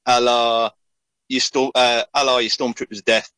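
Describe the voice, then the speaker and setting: A man's voice: mid-range voice, level tone, moderate pace, bright, forceful tone, clean tone, dry recording, poor audio. A man with a South London accent, a band member chatting in a dry, joking way during an interview. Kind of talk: casual interview chat.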